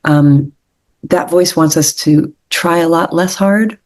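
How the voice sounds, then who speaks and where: Low, mellow-voiced woman guest. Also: takes it slowly. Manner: earnest, gentle, repeats phrases for emphasis. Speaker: guest author. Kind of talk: reflective interview conversation.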